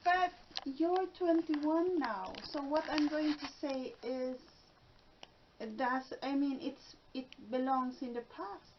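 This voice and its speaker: A middle-aged woman chats slowly and giggles through a home vlog, her voice sitting high. The recording is dull and lo-fi, with a faint hiss underneath. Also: fairly even intonation. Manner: chatty, giggly, talks slowly. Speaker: vlogger, mother of the co-host. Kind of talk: casual home vlog chat. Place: home room. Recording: dull lo-fi home video sound with faint noise.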